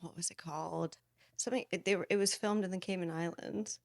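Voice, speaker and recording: A woman in her late thirties co-hosting a podcast in casual chat from a couch at home. She is playful and excitable, and she swears often. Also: fairly low pitch, fairly quick, vocal fry, no room sound, studio quality. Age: late 30s. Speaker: podcast co-host.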